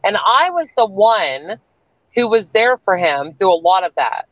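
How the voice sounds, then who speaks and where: A woman's voice: medium pitch, very animated, a little slow, fairly bright tone, no echo, muffled recording. A woman from the US South with a Canadian-tinged accent, talking bluntly and with plenty of swearing as a guest on a livestream. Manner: blunt, profane, defiant. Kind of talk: livestream chat.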